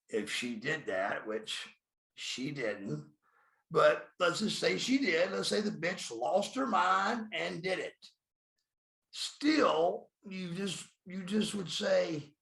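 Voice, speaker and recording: A man in his fifties, formerly a pro wrestler, speaks slowly in a slightly high, fairly bright voice with vocal fry. He shares blunt, profane stories in a podcast interview, uses his own name for himself, and the recording is echoey.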